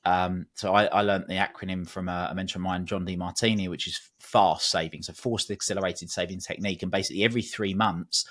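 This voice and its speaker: A man with a very low voice hosts a podcast interview. He talks in a hesitant way, often restarting his sentences as he shares his own ideas and asks questions. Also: steady tone, quick pace, few pauses, a bit bright. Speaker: podcast host, performance coach.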